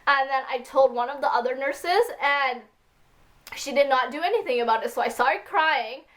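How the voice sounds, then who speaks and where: High-voiced woman rambling through a story. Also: moderate pace, a bit bright. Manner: rambling and upset, packed with "like" and "freaking". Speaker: vlogger. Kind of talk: casual storytelling to camera.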